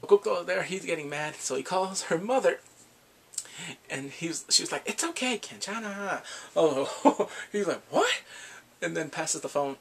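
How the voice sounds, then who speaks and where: A man casually recapping drama episodes, animated and laughing often, acting out the characters' lines. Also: fairly high pitch, moderate pace, vocal fry, slightly rough. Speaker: drama reviewer.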